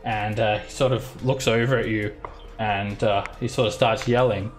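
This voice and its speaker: A man narrating as dungeon master, halting with many fillers. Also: on the low side, fairly even intonation, soft background music. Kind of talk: narrating a tabletop game.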